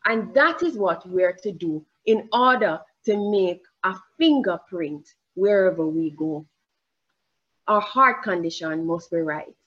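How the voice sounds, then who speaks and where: Slow, emphatic woman preaching a sermon. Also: lowish voice, lively intonation, a bit bright, breathy edge, lo-fi sound. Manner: slow, emphatic delivery, drawing out scripture quotes.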